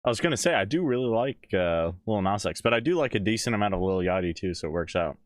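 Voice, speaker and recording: Male reaction streamer, fairly low voice, dry close mic, relaxed rambling chat with chuckles. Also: fast, dry recording. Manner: laid-back, chuckling, rambling asides. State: talking with mouth full. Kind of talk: casual live-stream chat.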